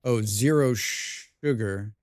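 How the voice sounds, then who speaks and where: A man's voice: on the low side, takes it slowly, darkish tone, clear, resonant tone. A man live-streaming a survival game, reading viewer chat aloud and answering with dry, rambling jokes, humming and mumbling to himself in between.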